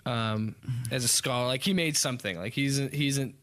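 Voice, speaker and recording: A man in his twenties in casual podcast chat, rambling through a show pitch with fillers, restarts and some swearing. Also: fairly quick, fairly bright tone. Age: 20s. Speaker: podcast co-host. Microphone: desk microphone.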